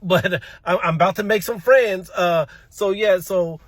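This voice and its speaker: A man doing stand-up comedy, telling a story from his childhood in a rather high voice. He stammers and repeats himself as he goes, and laughs at his own tale. The sound is dry and close. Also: unhurried, no echo.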